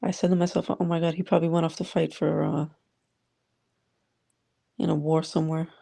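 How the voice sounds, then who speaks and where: A woman hosts a casual live audio room, chatting and greeting listeners by name as she reads their comments. Her voice is low and gravelly, with a dark, mellow tone. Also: level tone, brisk.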